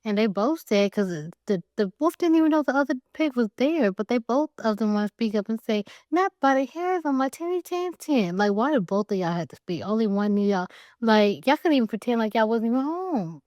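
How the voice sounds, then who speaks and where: A woman retelling a classic fairytale as a casual comic story, full of slang and side comments. Her voice is warm and mellow, and the recording is dry and close. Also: fairly high pitch, animated, a little fast, no room sound. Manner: casual, slangy, joking asides.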